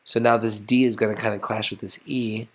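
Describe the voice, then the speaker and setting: A man's voice: fairly low pitch, flat delivery, fairly quick. A man teaching a casual music lesson, thinking aloud and getting enthusiastic as he composes.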